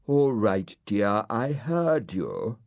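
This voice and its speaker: A man's voice: on the low side, big pitch swings, drawn-out words, gravelly, darkish tone, pitched above the performer's own voice, exaggerated voice. A man voicing a prim, dignified female cow who sounds haughty and affronted.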